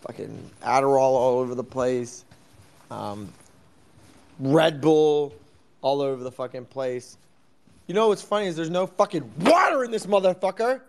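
A young man hosting a crypto talk stream, rambling and swearing in loud, jumpy, sarcastic banter from an office at night. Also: medium pitch, animated, a little slow. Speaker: crypto space host.

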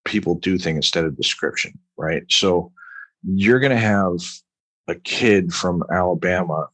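A man's voice: low voice, unhurried, a bit bright, no room sound. A man from Long Island, an author and veteran, talking at length in an interview, emphatic and rambling, often tagging "right?". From Long Island, New York. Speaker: author, military veteran guest. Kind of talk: conversational interview.

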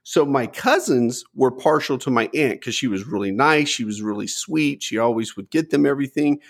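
A middle-aged man telling a story in casual chat, acting out the people he quotes with big jumps in pitch. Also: moderate pace, creaky. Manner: animated, acts out quotes with lively pitch jumps. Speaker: guest storyteller.

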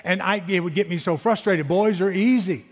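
A man in his fifties preaching a sermon, animated, asking his listeners rhetorical questions. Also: high-pitched, moderate pace. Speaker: pastor. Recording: long hall reverb.

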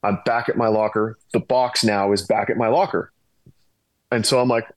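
A middle-aged man, a former pro ballplayer, telling a long anecdote as a guest, animated and rambling with restarts. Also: on the low side, normal speed, dry recording, low-quality recording.

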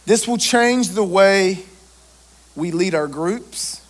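A man, a pastor preaching a lively sermon and joking with his congregation. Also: high voice, takes it slowly.

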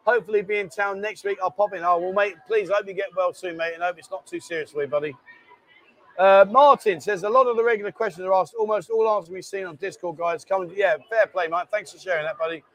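High-voiced man, chatty host. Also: fast talker. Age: 50s. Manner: banter, reading out viewer comments. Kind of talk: casual live-stream chat.

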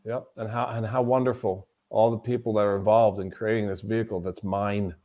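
A man's voice: fairly low pitch, level tone, fairly quick, highs cut off. Emphatic man telling stories as a guest. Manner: emphatic, storytelling, often repeats himself. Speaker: podcast guest, mental toughness coach. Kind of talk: conversational interview.

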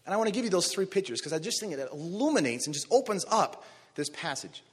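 A man preaching a sermon, telling a story with animated energy and rising to shouts on key phrases. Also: sits high, fast, breathy edge. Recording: long reverb of a large hall.

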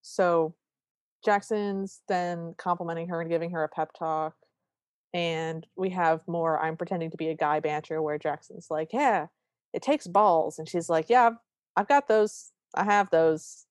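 Her voice on the low side and free of echo, a woman co-hosting a podcast retells a movie scene by scene in casual conversation. It's an animated retelling where she acts out the characters' lines.

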